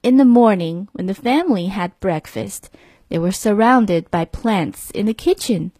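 Sex: woman. Role: teacher reading a picture book. Style: slow storybook read-aloud. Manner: clear, measured, expressive. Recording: dry and close. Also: mid-range voice, dry recording. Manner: clear, measured and expressive, made for young learners.

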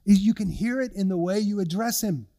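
A man's voice: high-pitched, fairly quick, dark tone. An older male pastor delivering an earnest, conversational sermon with personal stories.

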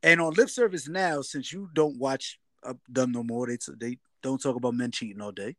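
A man's voice: mid-range voice, normal speed, fairly bright tone, no echo. A man co-hosting a podcast in casual chat, telling stories in slangy talk with acted-out quotes. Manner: laid-back slangy storytelling with acted quotes. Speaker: podcast co-host. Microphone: remote recording setup. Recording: dry remote recording.

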